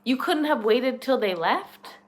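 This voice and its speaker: A woman's voice: fairly high pitch, lively intonation, unhurried. A young woman hosting a reaction channel, giving blunt, sarcastic and profane casual commentary. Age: young adult.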